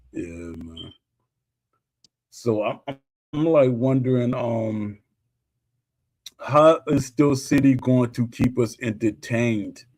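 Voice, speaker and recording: A man with a New York accent in casual podcast chat, talking in a halting, drawled way with fillers. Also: mid-range voice, a little mellow.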